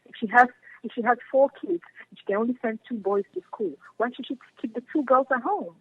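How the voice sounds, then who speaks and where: A woman speaks through a tinny phone line. Her voice is a little husky, and the line sounds close and dry. She talks earnestly and with passion, circling back to her main points. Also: fairly high pitch, expressive, fairly quick, no echo. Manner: earnest, passionate, repeats key phrases. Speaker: guest. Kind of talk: phone interview. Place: home in Germany.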